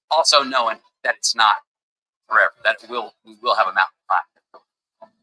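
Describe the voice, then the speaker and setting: A man's voice: fairly low pitch, fairly quick, pauses often, sharp tone, poor audio. A man giving an emphatic, preachy motivational talk at a table, now and then acting out the voices of the people he quotes. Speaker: motivational speaker. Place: at a table with a camera crew.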